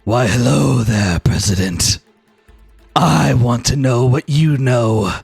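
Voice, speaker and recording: A man voicing a sinister male creature who commands parasites, speaking slowly and gloatingly. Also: mid-range voice, creaky, a little mellow, husky, no room sound, faint music behind, full character voice. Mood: menacing. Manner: slow, menacing, gloating.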